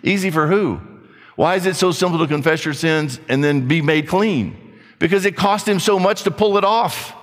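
Man, preacher, sermon, emphatic, rhetorical questions, slightly high voice, echoing church hall. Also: normal speed, fairly bright tone.

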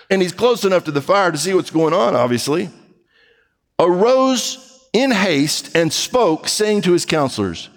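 A pastor delivering an animated sermon, swinging between loud emphatic scripture reading and quiet, soft asides. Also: male voice, a little high, normal speed. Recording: long hall reverb.

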